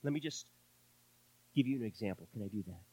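A male pastor preaching a sermon, impassioned, swinging from loud declarations to hushed asides and calling out to his congregation. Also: fairly low pitch, animated, fast, breathy edge, dry recording, rough recording.

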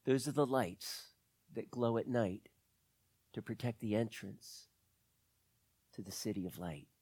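A man's voice: lowish voice, measured pace, husky, dry recording. A man telling an adventure story to children, talking to them directly. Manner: animated, addresses kids directly.

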